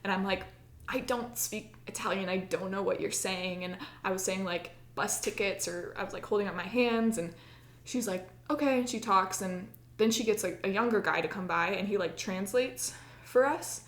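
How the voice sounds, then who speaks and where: This podcast co-host from the United States speaks at medium pitch and normal speed in an echoey room. Telling a personal story casually, she leans on "like" a lot and performs the things she once said.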